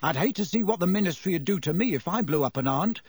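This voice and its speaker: A joking, cheeky teenage boy, as a male narrator puts him on, quick to tease and full of excitement. The voice sits a touch above the reader's own. Close, dry sound. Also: sits high, slightly rough, dry recording, pitched above the performer's own voice.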